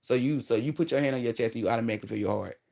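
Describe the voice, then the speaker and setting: A woman in her thirties giving relationship advice straight to her viewers in a blunt, animated, slangy way, swearing freely. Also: very deep voice, rapid-fire, creaky. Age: 30s. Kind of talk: casual advice monologue to viewers.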